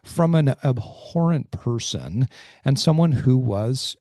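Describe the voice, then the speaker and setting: A man in his forties who hosts a podcast, talking in a reflective, animated way with frequent restarts and fillers. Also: medium pitch, slow pace, no room sound, studio quality. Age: 40s. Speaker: podcast host. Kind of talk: casual interview conversation.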